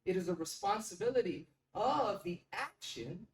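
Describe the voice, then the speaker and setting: A pitching coach explaining drills in an instructional way, stressing key words with emphasis. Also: lively intonation, moderate pace, few pauses. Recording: echoey room, mic at a distance.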